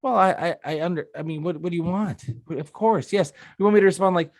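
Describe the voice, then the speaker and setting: A man's voice: sits high, fast talker, hardly any pauses, dry recording, clean studio sound. A male podcast co-host in casual chat. He tells stories with energy and slips into other people's voices for their lines. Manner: animated storytelling, acts out dialogue.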